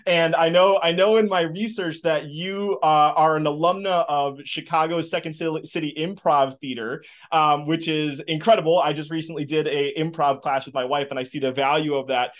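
This is a man hosting an interview, warmly enthusiastic and a bit rambling as he builds up to his questions. His voice sits somewhat high for a man. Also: fairly even intonation, moderate pace, few pauses. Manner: enthusiastic, rambling with fillers and restarts. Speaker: podcast host. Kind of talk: casual interview chat.

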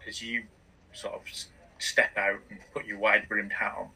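A man's voice: on the low side, level tone, pushed and bright, breathy edge, recorded from a distance, rough recording. Man game-mastering with restarts. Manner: halting, many restarts. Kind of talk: narrating a tabletop game.

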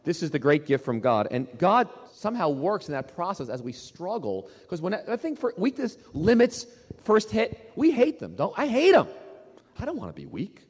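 A man preaching a sermon from the pulpit, his pitch running a little high and swinging widely as he presses home each point. He repeats key phrases for emphasis and asks questions of the congregation. The sound carries a long reverb from a large hall. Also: wildly swooping pitch, normal speed, slightly rough. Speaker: pastor.

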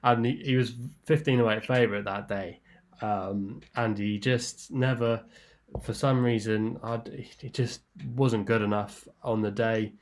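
A man giving horse racing tips in a relaxed, rambling way, with lots of fillers and restarts. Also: lowish voice, unhurried. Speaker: racing tipster guest. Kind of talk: casual racing tips discussion.

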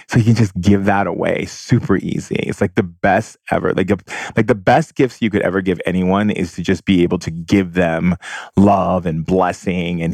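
A very low-voiced man talks as a spiritual teacher, gushing and breezy and peppering his talk with "like". The sound is dry and close, with no room around it. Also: darkish tone, dry recording. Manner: effusive, breezy, with sudden whooping exclamations; heavy use of "like" and "you know". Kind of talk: motivational spiritual monologue.

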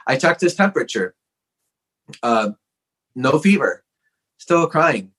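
A man's voice: medium pitch, sing-song, slow pace, a bit bright, breathy edge, low-quality recording. A man as a podcast guest, telling a personal story in a frank, earnest way with lots of casual "like" fillers.

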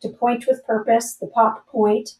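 A woman in her forties speaks as a podcast guest, her voice warm and mellow and pitched a little high. She tells her story candidly, earnest and easily moved, with a streak of self-deprecating humor. She sits slightly back from the microphone, so the sound is a touch distant. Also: little pitch movement, a little slow, slight background noise. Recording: voice a bit distant from mic.

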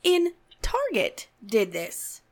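A woman's voice: a little high, wildly swooping pitch, slow pace. A woman co-hosting a casual chat, retelling a story bluntly and acting out quotes. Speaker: co-host.

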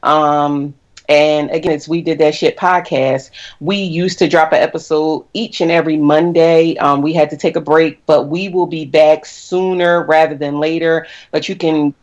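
A chatty woman on a podcast, with a low, deep voice. She talks at length, laughs easily and takes her time when she spells things out. Her talk is relaxed and casual. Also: normal speed, dull audio. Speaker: podcast guest, co-host of her own podcast.

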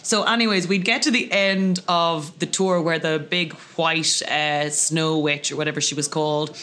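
Man, podcast guest, higher pitch, bright, tense tone, self-mocking comic storyteller. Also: moderate pace, few pauses. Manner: lively, self-mocking, animated anecdotes.

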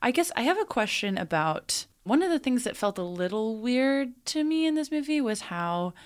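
A woman's voice: fairly high pitch, sing-song, normal speed. A woman, a podcast guest, discussing a movie in casual, rambling chat with many fillers.

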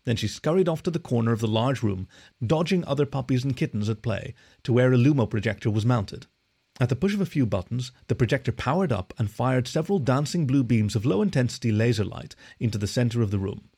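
A man reading a story aloud as narrator, in an expressive, animated way. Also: medium pitch, quick pace, vocal fry, husky. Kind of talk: scripted narration.

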